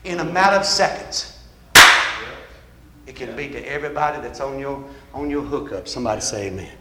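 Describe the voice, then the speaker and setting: A man preacher delivering a fiery revival sermon, shouting and punctuating his lines with "hey". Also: medium pitch, brisk. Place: church. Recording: echoey church with noise.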